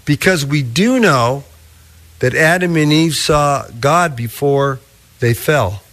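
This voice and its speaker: Slow, deliberate male preacher. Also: on the high side, animated, fairly bright tone. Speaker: pastor. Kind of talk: sermon.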